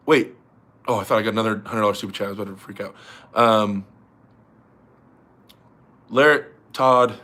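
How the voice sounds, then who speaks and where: A man's voice: fairly low pitch, moderate pace, long pauses, sharp tone. A young man hosting a casual livestream, reading viewer comments in a laid-back way, laughing often and swearing casually. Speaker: livestream host.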